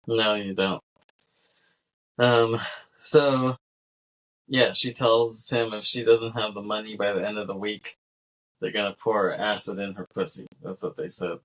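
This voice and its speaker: A man hosting a casual movie podcast, relaxed and laughing often as he recaps scenes. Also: lowish voice, measured pace, long pauses. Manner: laid-back, laughs often, acts out quoted lines. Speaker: podcast host.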